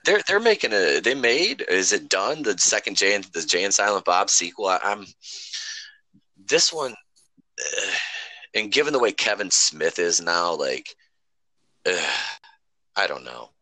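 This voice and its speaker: A man's voice: sits low, measured pace, pauses often, no echo. A man rambling and swearing casually as a podcast host. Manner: rambling, profane, animated storytelling. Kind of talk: casual chat.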